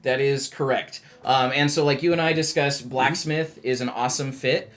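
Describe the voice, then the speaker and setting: A man's voice: medium pitch, steady tone, moderate pace, fairly bright tone. Male game designer guest, casual explainer, mid-range voice, hesitant fillers. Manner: thinks aloud with frequent ums and restarts. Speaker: game designer walking a player through character creation. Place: studio.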